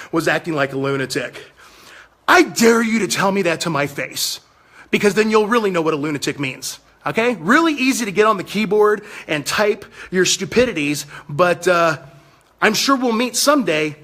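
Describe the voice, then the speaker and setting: A man's voice: a little high, fairly bright tone. A man in his fifties hosting a political livestream, talking in a fiery, combative, preaching way. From United States. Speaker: livestream host.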